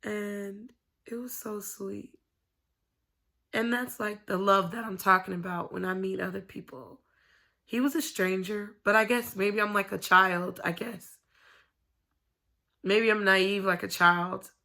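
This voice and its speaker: Bright, gravelly woman vlogging at home. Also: medium pitch, fairly even intonation, measured pace, pauses often. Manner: candid, rambling, swears freely. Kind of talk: casual confessional chat to camera. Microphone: camera.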